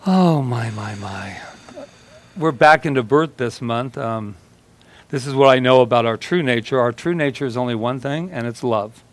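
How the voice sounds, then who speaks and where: The man's pitch is medium and his pace moderate. He is a minister whose chatty sermon mixes humorous stories, acted-out quoted voices, and laughter with the congregation.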